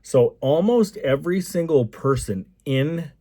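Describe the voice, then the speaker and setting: A man's voice: fairly high pitch, animated, a little slow, dark tone, dry recording, studio quality. A man from Alberta, Canada, who owns a construction company, telling a rambling, enthusiastic story in a casual vlog. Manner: rambling and enthusiastic, with repeated asides.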